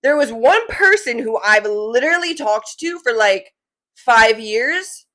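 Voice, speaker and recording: Lively bright-voiced Jersey woman. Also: on the high side, measured pace. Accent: New Jersey. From New Jersey. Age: 20s. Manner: chatty, rambling, lots of "like". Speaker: podcast host. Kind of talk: casual chat.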